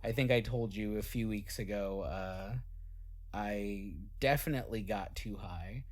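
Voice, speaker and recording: A man, a band member on a casual podcast, telling stories in a joking, self-deprecating way with lots of fillers. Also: fairly low pitch. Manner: self-deprecating, quick jokes, filler-heavy.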